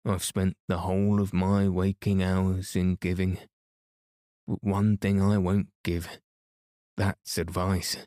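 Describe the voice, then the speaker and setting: A man's voice: deep voice, flat delivery, slow, warm tone, no echo, clean studio sound. A man voicing a cross, ancient, small furry sand fairy in a bedtime storybook reading, with curt, grumpy lines.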